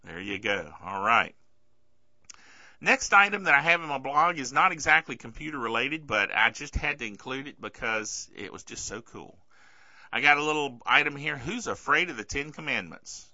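A podcast host, a man with a bright, forceful voice, delivers chatty, sarcastic tech commentary and keeps checking in with "okay?". His throat is bothering him, so he clears it often. His pitch swings widely, and the recording sounds dull and lo-fi. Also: expressive, normal speed, no echo. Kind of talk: casual tech news commentary.

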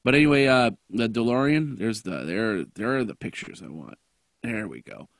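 A man hosting a casual tech podcast, his voice raspy and hoarse from a cough, rambling with lots of fillers and restarts. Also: fairly low pitch, animated, moderate pace, dry recording, studio quality. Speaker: podcast host.

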